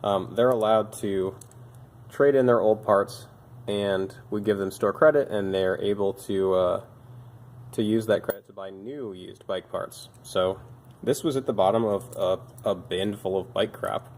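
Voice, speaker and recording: A young man with a lowish, unhurried, slightly mellow voice, heard over faint background noise. He's a bike shop mechanic and video host doing casual show-and-tell about old bike parts, sounding tired and joking in a dry, self-mocking way.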